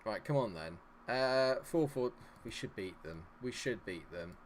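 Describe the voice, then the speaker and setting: A man's voice: lowish voice, expressive, a little slow. Guy commentating his own game stream, fed up, swearing at the screen, faint hiss behind. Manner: exasperated, swearing, talks at the players on screen.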